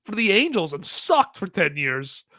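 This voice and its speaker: Male podcast co-host, very lively intonation, teasing manner, dry close mic. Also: sits high, a little slow, dry recording. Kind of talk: casual sports chat.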